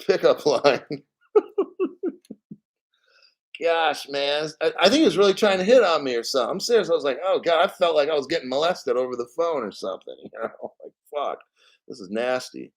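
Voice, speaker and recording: A man's voice: on the high side, lively intonation, normal speed, low-quality recording. A man hosting a casual crypto stream, rambling bluntly and swearing freely. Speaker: crypto show host. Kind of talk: casual live-stream rant.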